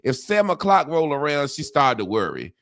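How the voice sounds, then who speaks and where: A man's voice: on the high side, big pitch swings, fairly quick, fairly bright tone, no room sound, studio quality. A middle-aged man in a casual conversation, talking bluntly with rambling asides and frequent swearing. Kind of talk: casual talk-show conversation.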